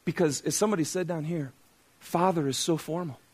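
A man's voice: on the high side, brisk, slightly rough. A middle-aged man preaching a sermon in a casual, conversational way, asking the congregation questions and joking at his own expense. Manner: conversational, self-deprecating, asks the congregation questions. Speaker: pastor.

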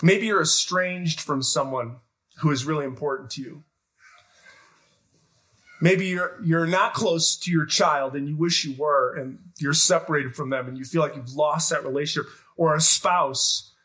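Man, middle-aged, preaching, high voice, bright tone, animated storyteller, questions the crowd. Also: a little slow. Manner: animated storytelling, shouts when acting out scenes, asks the crowd questions. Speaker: guest pastor. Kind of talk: sermon.

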